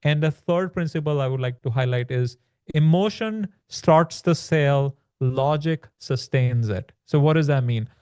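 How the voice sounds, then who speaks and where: A podcast guest who writes about the land business explains things casually in a conversational interview, sprinkling in "like" and "right?". His voice is a little high, a little slow, a little mellow, and smooth, with clean studio sound and no echo.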